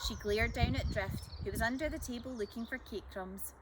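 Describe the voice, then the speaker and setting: A woman storyteller reading a children's chapter book aloud in a lively, expressive way. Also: a little high, fairly quick, hardly any pauses, slight background noise.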